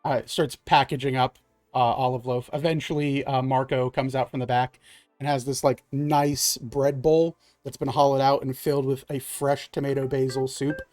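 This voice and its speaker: A man's voice: medium pitch, level tone, moderate pace, darkish tone, faint music behind. A man narrating as game master in a loose, filler-filled way.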